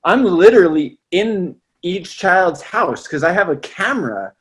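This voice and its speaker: A man who teaches music, telling stories in a casual chat, animated and slangy, often tacking "man" onto his lines. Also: high-pitched, measured pace, slightly rough. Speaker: music teacher and salsa trumpet player.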